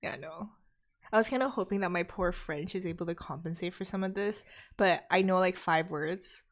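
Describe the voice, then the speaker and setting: A woman's voice: lowish voice, moderate pace. Chatty young woman reading stream chat. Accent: North American. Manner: chatty, laughs often, reads viewer comments aloud. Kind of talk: casual live-stream chat.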